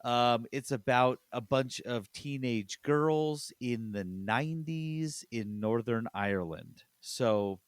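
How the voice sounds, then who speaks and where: A man's voice: medium pitch, slow, hardly any pauses, smooth, dry recording. A man in easy, casual podcast chat, chatty and prone to laughing while he retells things. His voice sits in the middle of the male range. The sound is dry and close, with no room around it. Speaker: podcast host.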